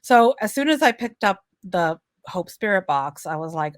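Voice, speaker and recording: Slow-spoken woman. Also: medium pitch, animated, no echo, clean studio sound. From Brazil. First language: Portuguese. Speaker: guest. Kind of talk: casual chat.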